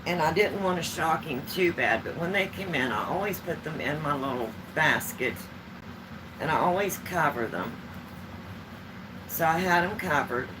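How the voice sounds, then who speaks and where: A woman's voice: deep voice, lively intonation, normal speed, background noise. A woman vlogger chatting at home, telling homespun stories in a rambling, easygoing way. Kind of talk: casual storytelling chat.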